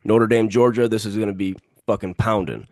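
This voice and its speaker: A man's voice: lowish voice, steady tone, a little fast, darkish tone, no room sound, clean studio sound. A man co-hosting a casual sports podcast, giving confident, emphatic picks and repeating himself for emphasis. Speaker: podcast co-host.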